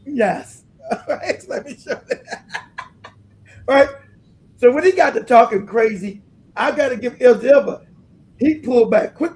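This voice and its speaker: A man hosting a livestream, delivering emphatic, animated commentary and laughing often as he talks. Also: very high-pitched. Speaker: livestream host.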